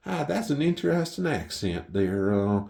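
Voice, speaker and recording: A man's voice: lowish voice, very animated, moderate pace, creaky, a little mellow, pitched above the performer's own voice. A man voicing a friendly woman shop clerk who talks in a folksy drawl.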